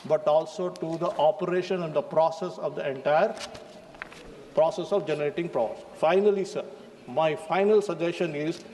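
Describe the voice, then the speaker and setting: High-voiced Indian man speaking in parliament. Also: normal speed, warm tone. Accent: Indian English. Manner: formal, addresses the chair as sir. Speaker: member of parliament. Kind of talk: parliamentary speech. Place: parliament chamber. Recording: faint hall reverb, light noise.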